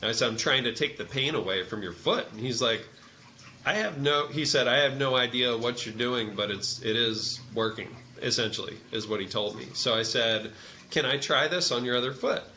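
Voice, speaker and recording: A man with a bright, forceful voice tells a story in relaxed conversation. He speaks as a massage therapist and energy healer, and he acts out each quoted line with its own voice. A faint hiss sits under the recording. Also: mid-range voice, normal speed. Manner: animated storyteller who acts out quoted dialogue. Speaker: meditation teacher.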